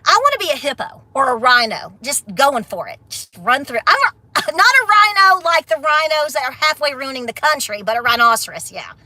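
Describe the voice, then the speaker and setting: A woman's voice: high-pitched, very animated, brisk, bright, forceful tone, dry recording. A middle-aged woman, ranting bluntly on a casual livestream, then laughing and affectionate with her viewers. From Appalachia. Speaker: homestead vlogger.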